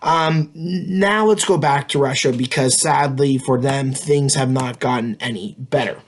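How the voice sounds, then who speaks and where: A man's voice: mid-range voice, a little slow. A man teaching a history lesson in a casual, conversational way, with frequent fillers and tag questions. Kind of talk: casual classroom lecture.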